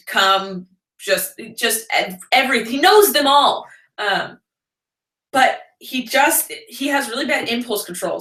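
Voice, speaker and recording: A woman's voice: a little high, bright, forceful tone. A woman chatting casually on a livestream, rambling and laughing often as she answers comments. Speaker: vlogger live-streaming. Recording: roomy echo.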